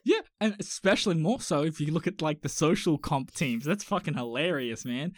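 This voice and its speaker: A man's voice: fairly high pitch, animated, brisk, no echo, studio quality. A young man with an Australian accent, chatting casually as a podcast co-host, rambling and swearing with jokes. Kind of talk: casual chat.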